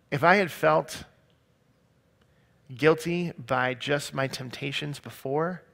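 A man's voice: medium pitch, creaky, fairly bright tone. A man giving an earnest, confessional personal testimony as a sermon. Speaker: speaker sharing his testimony.

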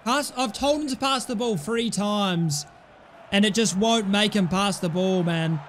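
Young man, high voice, casual game commentary, excitable, faint background hum. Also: unhurried. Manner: excitable, swings from grumbling to yelling at goals. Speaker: gaming YouTuber.

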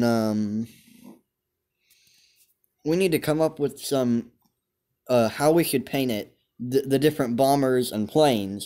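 A man's voice: medium pitch, warm tone. A young man giving casual, rambling commentary over gameplay as a channel host, filling gaps with lots of ums. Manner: chatty, rambling, many ums.

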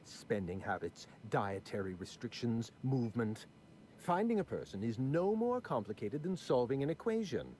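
A man's voice: medium pitch, very animated, moderate pace, a little mellow, slight background noise, close to an everyday voice. An actor playing a prim, numbers-obsessed aristocratic man in video game dialogue, fussy and condescending with precise diction. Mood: dry.

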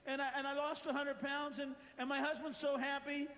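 A man's voice: very high-pitched, monotone, a bit bright, big-room sound, poor audio. A man voicing a tearful heavyset woman who rambles and stalls through her story. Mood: earnest. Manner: rambling and halting.

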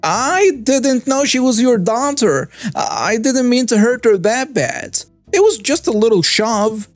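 A man's voice: on the high side, sing-song, measured pace, no room sound, soft background music. A man reading the lines of a rude, entitled woman shopper in a storytelling narration, snapping and scornful. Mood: pleading. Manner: snapping, scornful, then pleading.

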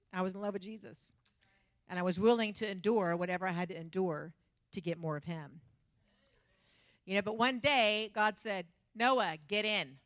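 Lady preacher, bright sharp voice, dry close sound, jokey and lively. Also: medium pitch, dry recording. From Texas. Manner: animated, self-mocking storytelling with frequent laughter. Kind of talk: humorous sermon.

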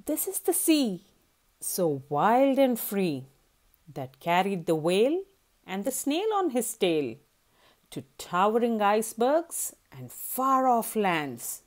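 A woman reading a rhyming children's story aloud in a sing-song voice. Her pitch rises and falls widely with each line, and she takes her time, letting each rhyme land slowly. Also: big pitch swings.

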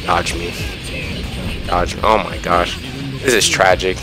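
A young man giving excited, self-mocking commentary over his own online fighting game matches, often yelling at big moments. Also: deep voice, measured pace. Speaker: gaming YouTuber. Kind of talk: live gameplay commentary. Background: background music.

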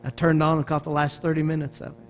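A middle-aged pastor from Arkansas preaches a sermon in a Southern American accent, his fairly high voice moving at a quick pace. He tells it in an animated storytelling style, restarting his sentences frequently.

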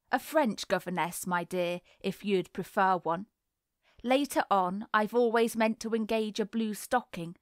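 A woman reading the lines of a grave, gentle middle-aged father who speaks quietly and firmly. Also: medium pitch, no room sound, clean studio sound, natural voice. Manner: quiet and reassuring, firm.

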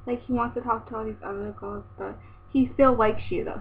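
A woman's voice: medium pitch, level tone, moderate pace. A teenage girl ranting in a casual webcam vlog, chatty and giggly, rambling and exasperated. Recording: tinny phone-like webcam audio, faint hiss.

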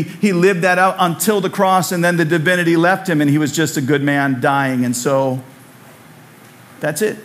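A man preaching a sermon in a church, conversational and repetitive, with humorous asides. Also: fairly high pitch. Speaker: pastor. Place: church sanctuary.

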